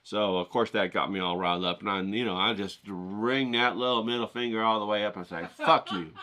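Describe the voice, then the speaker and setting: A middle-aged man rambling casually to his viewers, profane and animated, acting out the voices of the people he quotes. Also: on the low side, brisk. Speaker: vlogger painting outdoors.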